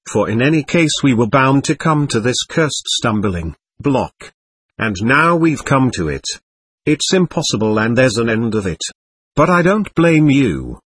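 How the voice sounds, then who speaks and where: A proud, defiant accused man with a husky, lively voice, bitter and scornful as he refuses to answer, read by a man in an audiobook. The voice is recorded close and dry. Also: mid-range voice, dry recording, exaggerated voice. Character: proud, defiant young man under questioning. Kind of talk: audiobook character reading.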